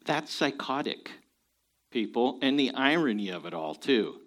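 A man's voice: medium pitch, animated, normal speed, a bit bright. A man hosting a show, giving opinionated commentary in an emphatic, preachy way. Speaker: show host.

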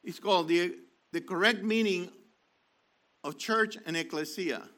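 High, bright-voiced emphatic male preacher. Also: a little slow. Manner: emphatic, repeats key phrases, many restarts. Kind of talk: sermon reading from an online article.

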